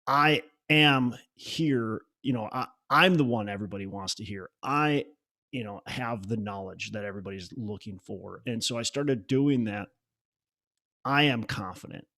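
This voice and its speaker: A man's voice: on the low side, moderate pace, a bit bright. Conversational male podcast host. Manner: conversational, with frequent restarts. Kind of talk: casual interview talk.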